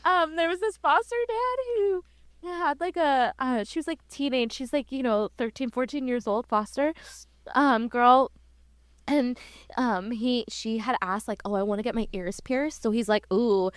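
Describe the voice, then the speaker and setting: A woman co-hosts a podcast, chatting casually in a slightly high voice. She gushes and rambles, restarting her sentences often. She is recorded on a close mic in a dry room. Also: a little slow, clean tone, dry recording. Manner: gushing, rambling with many restarts and fillers. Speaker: podcast co-host. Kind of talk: casual chat.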